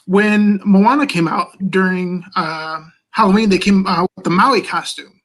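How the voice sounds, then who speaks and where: A man speaking as a panelist on a video call, relaxed and rambling with fillers. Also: high-pitched, unhurried.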